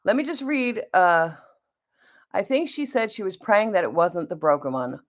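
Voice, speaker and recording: Animated and speaking at normal speed, this middle-aged woman has a mid-range voice. She's a beauty vlogger applying makeup, reading out viewer comments in relaxed get-ready-with-me style.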